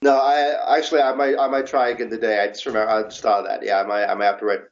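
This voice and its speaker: A man being interviewed as an author, talking in a relaxed, chatty way with self-mocking humor. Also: on the low side, very fast. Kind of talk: casual interview answers. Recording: dull lo-fi recording.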